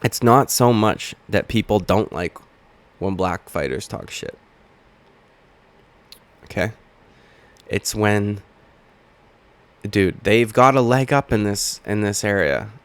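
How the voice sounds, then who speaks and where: Fired-up dude cussing his way through an mma rant to camera, kinda low voice. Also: takes it slowly, pauses often. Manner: profane, combative, heated. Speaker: MMA commentary channel host. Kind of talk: ranting video commentary. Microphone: webcam or camera mic.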